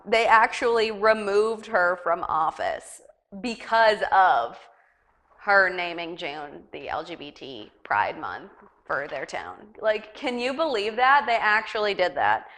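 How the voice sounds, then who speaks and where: A woman's voice: mid-range voice, sing-song, slow, bright, forceful tone. Young woman, talk show host, casual news chat, rambling, giggly, filler-heavy.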